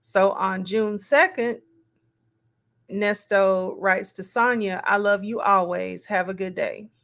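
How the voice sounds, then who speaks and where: In casual read-aloud commentary, a woman with a gravelly, mid-range voice reads text messages out loud at an unhurried pace. She pauses between quoted lines to muse and add plain, offhand remarks.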